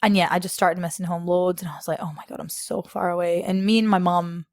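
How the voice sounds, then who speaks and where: A woman's voice: lowish voice, fairly even intonation, quick pace, dry recording, clean studio sound. A young Scottish woman, a podcast guest, telling travel stories in a chatty way, laughing often and acting out what others said. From Scotland. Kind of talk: casual storytelling interview.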